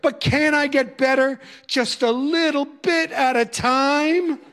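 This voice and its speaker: A man's voice: very high voice, fairly even intonation, slow, a bit bright, voice pushed up, heavily acted. A man voicing an anxious, tearful teenage boy who begs and wails while pleading with his teacher. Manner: wailing, begging.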